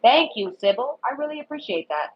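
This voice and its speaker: A woman's voice: high voice, very animated, a little fast. A woman doing a casual tarot reading for viewers, talking bluntly with lots of swearing and repetition. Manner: blunt, profane and emphatic, repeats herself. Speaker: tarot reader. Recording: dull lo-fi sound.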